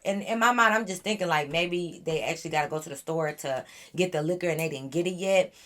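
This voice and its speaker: A woman with a somewhat low voice tells a storytime on her vlog. She talks casually and animatedly in loose slang. She throws in swearing and irritated asides. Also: a little fast, hardly any pauses, a bit bright. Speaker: vlogger.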